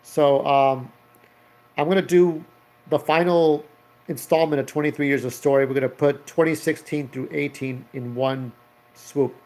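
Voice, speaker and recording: A man's voice: a little high, steady tone, normal speed, a little mellow. A man in his thirties telling a story in a casual vlog, rambling and swearing as he acts out the characters. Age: 30s. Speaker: vlogger.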